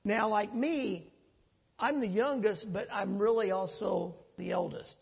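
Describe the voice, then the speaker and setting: Gravelly lo-fi man with ums. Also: sits high, a little mellow. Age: older. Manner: halting, many ums. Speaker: church workshop presenter. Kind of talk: church workshop talk. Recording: lo-fi hall recording.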